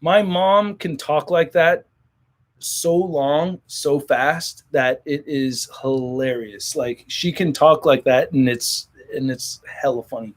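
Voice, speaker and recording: A man's voice: a little high, takes it slowly. A man hosting a casual livestream, reading viewer comments and joking in a rambling, profane way. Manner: rambling, profane, jokey, many restarts. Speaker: toy collector channel host.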